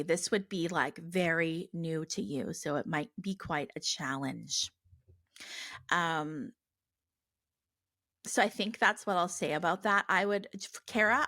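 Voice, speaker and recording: Podcast host, woman, 30s, lower voice, rambling and earnest, dry close mic. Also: a bit bright, dry recording. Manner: rambling, earnest, lots of fillers and restarts. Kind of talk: casual listener Q&A.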